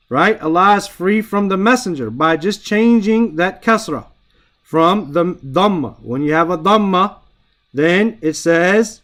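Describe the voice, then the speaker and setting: A man with a fairly high voice leads an online Arabic grammar lesson, talking over a headset or computer mic. He explains casually in English, repeats short Arabic phrases and keeps checking in with his students by asking "right?". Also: fairly bright tone. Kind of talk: online Quran grammar class.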